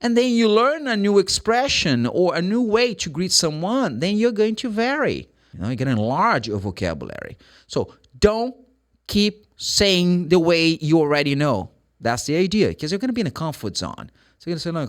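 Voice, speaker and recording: Animated man teaching English. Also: fairly high pitch, normal speed. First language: Portuguese. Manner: animated, emphatic, repeats example phrases. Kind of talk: energetic online English lesson.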